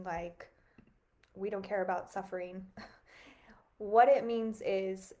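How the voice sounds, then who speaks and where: A woman's voice: mid-range voice, darkish tone. A woman, hosting a reflective spiritual livestream, talking earnestly in a musing, casual way full of "like" and small laughs. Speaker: livestream host.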